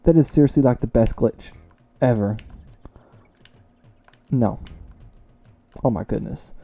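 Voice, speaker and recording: A man's voice: medium pitch, slow, creaky. Chatty young man narrating gameplay. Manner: chatty, self-mocking, reacts loudly to close calls. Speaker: let's play gamer. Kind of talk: casual gameplay commentary.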